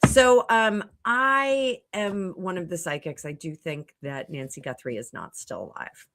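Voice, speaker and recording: A middle-aged woman talks casually to her livestream viewers as a psychic, wandering through thoughts with lots of ums and restarts. Her voice sits on the lower side. A faint hiss runs under the recording. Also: expressive, measured pace, fairly bright tone. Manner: rambling, thinks aloud with many fillers and restarts. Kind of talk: casual livestream chat answering viewer comments. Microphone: computer mic at a home livestream.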